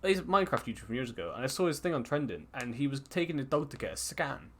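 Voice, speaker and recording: This man co-hosts a laid-back podcast over an online call, rambling, swearing, and restarting his sentences many times. He talks very fast with lively intonation in a medium-pitched, slightly bright voice, with slight background noise.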